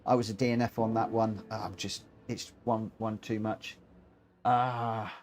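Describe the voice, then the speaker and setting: A man streaming online races, giving excitable live commentary and chatting with viewers. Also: fairly low pitch, unhurried, slight background noise. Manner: excitable, rising into animated commentary. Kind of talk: live race commentary and chat.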